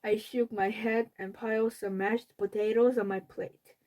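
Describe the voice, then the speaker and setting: A woman, a native Korean speaker, reading a children's book aloud in English, carefully and deliberately. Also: medium pitch, level tone, mellow, rough recording.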